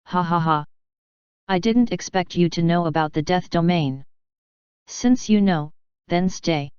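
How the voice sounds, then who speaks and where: A sinister young man in black robes sneers and mocks, as a woman reader puts him on in a low, smooth, clear voice. His cold taunts come across close and dry in a slightly muffled storybook recording. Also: measured pace, darkish tone, no room sound, lightly acted. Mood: sneering. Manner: mocking, cold.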